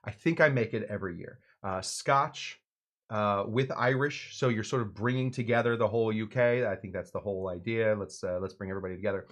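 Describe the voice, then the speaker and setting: A man with a lowish voice, fairly even intonation and a slightly fast pace hosts a live cocktail show. His casual stream chat rambles, with plenty of fillers, restarts and jokes at his own expense.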